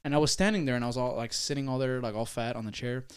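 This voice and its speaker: A young man co-hosting a podcast, telling stories in an animated, swearing way and acting out other people's voices. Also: medium pitch, rapid-fire, clean tone. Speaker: podcast co-host. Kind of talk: casual chat.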